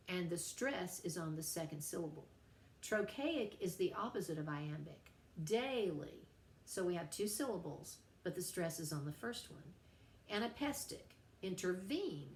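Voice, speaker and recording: A woman's voice: on the low side, a little mellow. A middle-aged woman teacher giving a friendly, playful recorded lecture to her class. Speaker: writing teacher. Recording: roomy sound with faint background hum.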